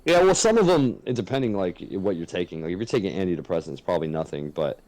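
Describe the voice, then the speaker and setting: A man's voice: low voice, lively intonation, quick pace, a little mellow, poor audio. A man co-hosting a casual podcast, talking frankly and earnestly and swearing freely. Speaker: podcast co-host.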